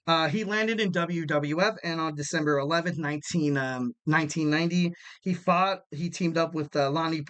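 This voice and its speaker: A man's voice: a little high, a bit bright. A man hosting a wrestling podcast in casual chat, rambling with lots of fillers and restarts, and now and then acting out what people said. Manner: acts out quoted people.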